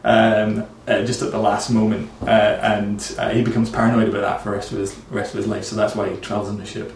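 A man's voice: fairly low pitch, little pitch movement, a little fast, slight background noise. A man co-hosting a casual film chat, rambling with many fillers and giggles. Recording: distant mic in an echoey room.

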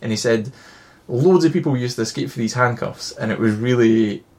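A man's voice: medium pitch, brisk, darkish tone. A man, chatting casually about a film and rambling through a long anecdote with swearing and laughs.

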